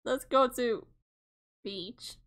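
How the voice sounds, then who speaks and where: A woman voicing a rude, bored teenage boy who speaks flatly and curtly. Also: a little high, extremely slow, exaggerated voice. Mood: dismissive.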